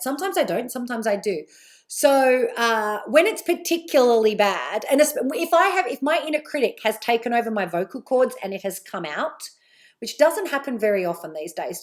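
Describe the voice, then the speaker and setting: A middle-aged British woman with a fairly high-pitched voice gives a live online talk as a coach. She's candid and chatty, with a lively delivery and plenty of asides.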